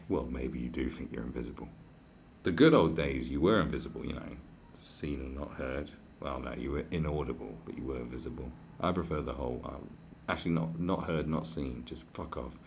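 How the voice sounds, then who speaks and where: A man's voice: rumbling low, a little fast, vocal fry, darkish tone, slight background noise. A man with a British accent, delivering a mocking, profane, sarcastic rant in reply to comments. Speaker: commentary vlogger.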